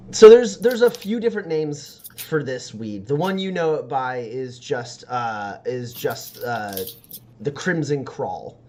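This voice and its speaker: A man's voice: mid-range voice, expressive, slow pace, a little mellow. A man narrating a tabletop game as game master, describing scenes in a rambling way with many fillers.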